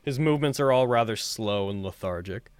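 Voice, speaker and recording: A man with a lowish voice runs a tabletop game, narrating scenes in a loose, casual way. He fills pauses with ums and drops in and out of the characters' voices. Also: animated, clear, resonant tone, no echo. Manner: loose, laughing, filler-heavy narration. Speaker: game master.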